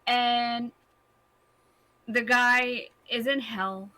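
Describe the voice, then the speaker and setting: A woman co-hosting a casual talk show. Her voice sits a little high and comes across bright and sharp, and she makes wry jokes and laughs along with the host. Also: steady tone, very slow. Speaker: podcast co-host. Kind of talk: casual chat.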